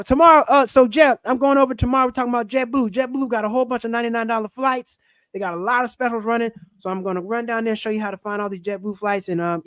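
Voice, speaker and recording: A man's voice: high-pitched, a bit bright, no room sound, clean studio sound. A man hosting a live stream, chatting casually with a guest and swearing freely. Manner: laid-back, swears casually. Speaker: livestream host.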